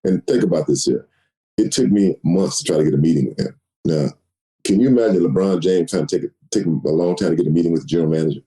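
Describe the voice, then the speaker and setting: A man in his sixties, a guest in an interview, telling stories with lively delivery and acting out quoted dialogue. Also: low-pitched, quick pace, poor audio. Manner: animated storyteller, acts out quoted dialogue. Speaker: guest, retired football player. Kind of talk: storytelling interview.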